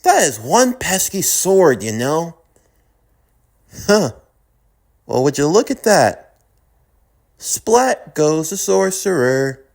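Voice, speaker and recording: A man putting on a sadistic curse villain from a fan-made audio drama, his voice pitched well above normal speech, mocking and sing-song as he taunts. Each sneer is drawn out and lively, with a gravelly edge underneath. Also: takes it slowly, long pauses, heavily acted. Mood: amused.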